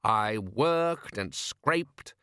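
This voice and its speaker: A man's voice: fairly low pitch, expressive, drawn-out words, pushed and bright, clear, resonant tone, dry recording, studio quality, heavily acted. A man voicing a blustering, scheming middle-aged fisherman father who talks in a bossy way.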